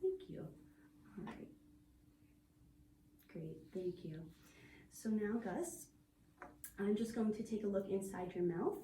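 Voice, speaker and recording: A woman working as a speech-language clinician who guides an exam in a calm, patient, step-by-step way. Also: medium pitch, slow pace, pauses often, a little hiss or hum. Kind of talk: clinical assessment and discussion. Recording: roomy audio from a distant mic.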